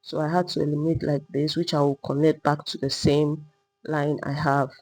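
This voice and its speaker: A woman teaching a step-by-step sewing tutorial, calmly talking through each move while she drafts and cuts a pattern. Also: sits low, normal speed, poor audio. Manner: patient, repetitive demonstrating, talking while working. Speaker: sewing instructor.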